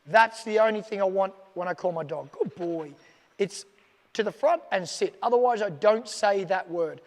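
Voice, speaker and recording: A man's voice: high voice, moderate pace, big-room sound. A man teaching dog training in a casual video, emphatic and repetitive, often acting out commands aloud. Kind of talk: casual instructional video talk.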